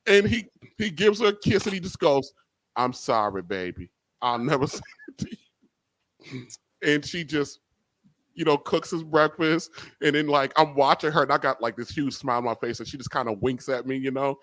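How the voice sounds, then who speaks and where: A man co-hosting a live cooking show, telling a family story in a relaxed way, laughing along and saying "you know" often. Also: on the high side, fairly quick, dry recording. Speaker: co-host. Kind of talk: casual storytelling.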